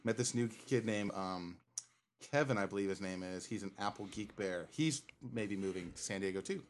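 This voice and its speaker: A man's voice: sits low, moderate pace, a little hiss or hum. A man telling a rambling story in casual podcast chat, swearing freely and acting out what people said. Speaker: podcast co-host.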